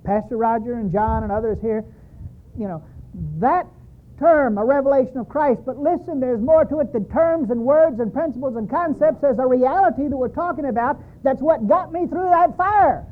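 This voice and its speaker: Man, preacher, high voice, emphatic repetitive storytelling, tinny phone-like audio. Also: normal speed. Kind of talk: sermon.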